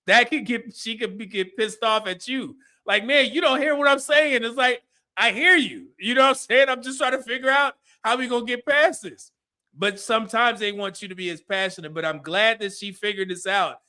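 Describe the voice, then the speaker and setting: High-voiced animated man. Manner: animated, acts out quoted dialogue. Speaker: host reviewing a dating show. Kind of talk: casual live commentary.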